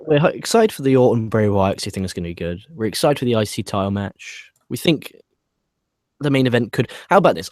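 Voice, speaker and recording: Low-voiced British man reading comments. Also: a little mellow, dry recording, clean studio sound. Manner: reads live viewer comments aloud, wry and dismissive. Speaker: podcast co-host. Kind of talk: casual wrestling podcast chat.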